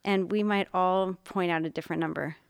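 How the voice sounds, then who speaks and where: A middle-aged woman telling a story with lively, animated delivery, jumping up in pitch whenever she quotes someone. Her voice is smooth and clear, and the recording is dry and close. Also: fairly quick, no room sound. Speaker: art teacher and mother. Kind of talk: casual storytelling chat.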